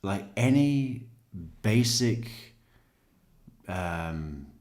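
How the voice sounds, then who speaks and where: Male true crime commentator, low voice, unhurried, scoffs and chuckles at the text. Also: animated, a little mellow. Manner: mocking, laughs at what he reads. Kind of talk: casual commentary reading a book aloud.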